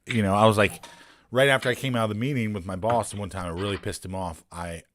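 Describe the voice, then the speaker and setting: A man's voice: lowish voice, steady tone, fast, a bit bright, a little hiss or hum. A man, a poker streamer telling long rambling stories in casual, profane chat.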